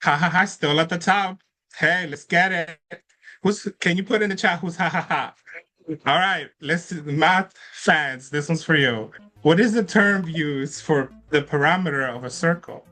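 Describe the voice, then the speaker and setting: A man's voice: fairly high pitch, unhurried, bright, forceful tone. A man hosting an online trivia quiz, upbeat and chatty, laughing often as he reads out questions and scores. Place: online event with participants in chat.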